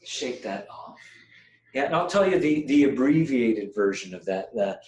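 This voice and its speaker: A man's voice: medium pitch, expressive, moderate pace, background noise. Playful man teaching in an echoey room. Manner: playful, varies his voice to demonstrate phrases. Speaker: meditation teacher. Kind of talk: guided group workshop.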